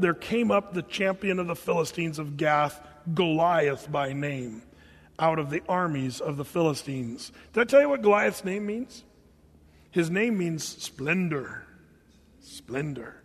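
A man preaching a sermon, animated and conversational, often repeating words and acting out the quotes he tells. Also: on the high side, in a large hall. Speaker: pastor.

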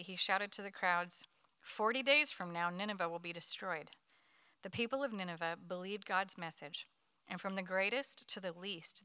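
A woman leading a Bible study, reading a scripture passage aloud to her group at a quick pace. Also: on the low side, clear, resonant tone, dry recording. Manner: quick, lively reading with light laughs.

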